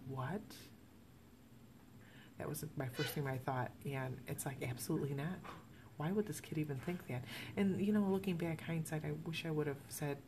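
A middle-aged woman hosting a podcast, telling a personal story in an emotional, halting way with many restarts. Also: deep voice, noisy background. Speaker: podcast host.

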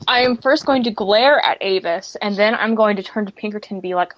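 A woman's voice: medium pitch, a little fast, a bit bright, no room sound, low-quality recording. A woman playing a tabletop role-playing game, speaking sharply and sassily in character. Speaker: player.

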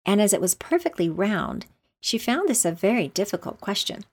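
A woman narrating a storybook in a measured, gentle manner. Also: mid-range voice, sing-song. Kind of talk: storybook reading.

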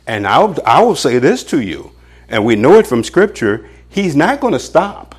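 A man preaching a sermon in an animated way, with chuckles and measured scripture readings. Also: husky. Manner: animated, pitch jumps for emphasis, chuckles often; reads scripture aloud in an old-fashioned, measured cadence.

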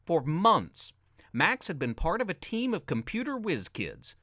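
A man reading a children's adventure story aloud with expressive, dramatic narration. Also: on the high side, a little slow, no echo, studio quality.

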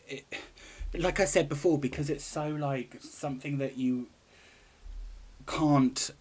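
A woman's voice: sits low, slow, a little mellow, husky. A woman from England co-hosting a podcast in casual, teasing chat, swearing freely. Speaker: podcast co-host.

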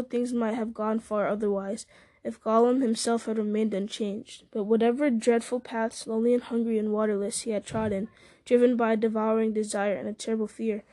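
Mellow-voiced woman reading a story aloud. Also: fairly high pitch. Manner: measured, with occasional slips and restarts. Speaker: reader. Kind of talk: audiobook-style story reading.

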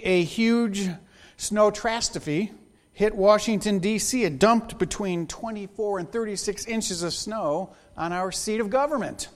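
A man preaching a sermon, praying and telling stories in a joking, animated way. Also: high-pitched. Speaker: pastor.

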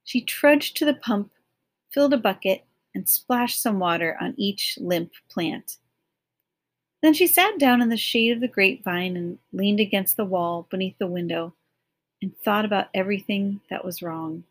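A woman narrating an audiobook chapter in a measured, expressive storytelling manner. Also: mid-range voice. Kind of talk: audiobook reading of a novel.

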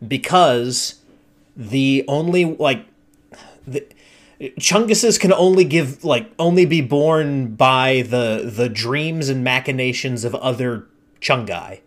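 A man hosting a casual chat, telling tabletop game stories in a deliberate, unhurried way. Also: medium pitch. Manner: slow, deliberate storytelling. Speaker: podcast host and game master.

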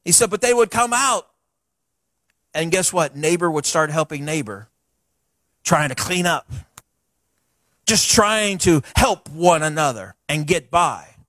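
High-voiced folksy preacher man. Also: a little slow, long pauses, no room sound, studio quality. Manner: folksy, animated preaching with asides. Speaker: pastor. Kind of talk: sermon. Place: church sanctuary.

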